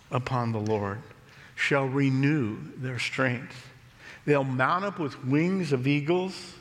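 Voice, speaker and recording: A pastor preaching a sermon, telling a story in a slow, measured way. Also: male voice, mid-range voice, a bit bright. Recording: long reverb of a large hall.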